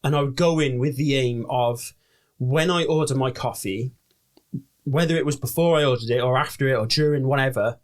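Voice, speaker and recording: A man's voice: medium pitch, brisk. A young man from Wales co-hosting a podcast, chatting casually, swearing freely and restarting his sentences often. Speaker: podcast co-host. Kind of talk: casual chat.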